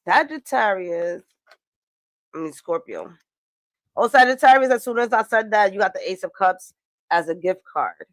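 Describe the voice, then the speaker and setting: A woman's voice: mid-range voice, dry recording. A young woman talks through a casual tarot and astrology reading. She is chatty and swears freely, with laughing asides. Her voice sits in a middle register, recorded dry and close. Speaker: tarot reader.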